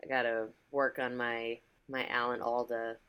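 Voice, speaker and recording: Woman co-host, casual chat, low-pitched, expressive and profane, acts out quotes. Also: moderate pace, smooth, poor audio. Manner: expressive, swears, acts out voices.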